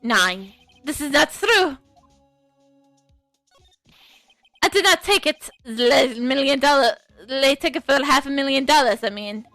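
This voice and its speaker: A woman's voice: sits high, lively intonation, normal speed, bright, forceful tone, no echo, soft background music, exaggerated voice. A woman voicing a flamboyant, self-pitying male chef with fake French-tinged phrasing, reading a game aloud. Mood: protesting.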